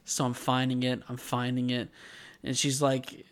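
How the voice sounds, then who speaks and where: A man's voice: mid-range voice, normal speed. A man co-hosting a podcast, telling a long anecdote in casual chat and acting out the people in it. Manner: rambling animated storyteller, acts out quotes. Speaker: podcast co-host. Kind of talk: casual chat, anime recap and storytelling.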